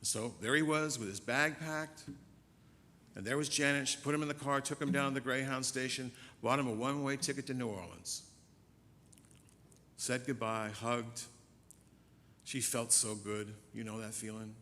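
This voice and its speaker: A man minister preaching a sermon and telling a story, shifting between soft, slow passages and loud, fast ones. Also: fairly even intonation. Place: church sanctuary. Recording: church hall reverb, faint rumble.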